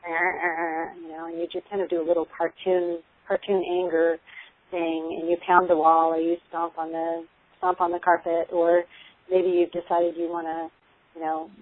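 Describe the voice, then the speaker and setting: A woman with a fairly low voice talks through parenting strategies in a calm, earnest way, stopping for ums and restarting her thoughts as she explains. Her voice is close and dry, and it comes through a narrow, tinny phone-like line. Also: normal speed, dry recording. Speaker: parenting expert guest. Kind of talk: conversational advice on a call.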